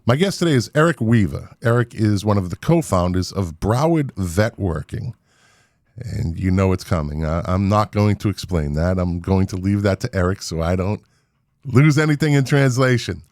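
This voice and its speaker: A middle-aged man hosts a relaxed podcast chat. His voice sits somewhat low and the sound is dry and close, with no room around it. He talks in a loose, joking way and laughs easily. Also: normal speed, no echo. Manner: jokey, chatty, laughs often. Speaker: podcast host. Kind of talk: casual interview chat.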